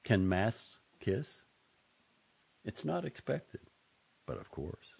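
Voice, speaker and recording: A man reading short fiction and poetry aloud with an expressive, dramatic delivery, in a dull lo-fi recording. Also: on the low side, slow, creaky, slightly rough. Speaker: reader.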